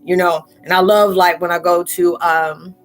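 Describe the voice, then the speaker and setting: A woman's voice: on the low side, little pitch movement, moderate pace, soft background music. A spiritual vlogger talking casually and loosely to her viewers, repeating "you know" as she goes. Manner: chatty, loose, talks straight out with lots of "you know".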